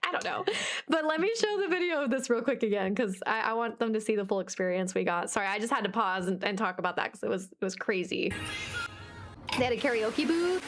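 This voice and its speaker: A young woman co-hosting a podcast tells a story in a bubbly, giggly, rambling manner during a casual, animated chat. Her voice sits on the high side and sounds a bit bright.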